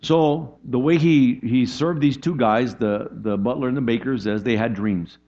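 A man preaching a conversational sermon as pastor, animated, often asking "right?" and jumping up in pitch for emphasis. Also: normal speed. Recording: dull lo-fi sound.

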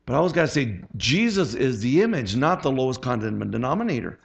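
A man's voice: mid-range voice, sing-song, quick pace, creaky. A middle-aged man preaching a conversational sermon as pastor, chatty and asking the congregation for amens. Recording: dull lo-fi sound.

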